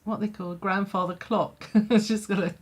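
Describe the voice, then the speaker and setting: A woman tells a childhood holiday story in a storytime vlog. Her delivery is chatty and loose, with lots of fillers, and laughter keeps breaking in. Her pitch sits in the middle. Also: steady tone, moderate pace. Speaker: vlogger.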